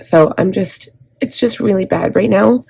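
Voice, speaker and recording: A woman's voice: mid-range voice, measured pace, vocal fry, dark tone, breathy edge. A woman from Canada in her thirties chatting casually as she plans and decorates her planner, rambling with frequent ums and restarts. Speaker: planner vlogger.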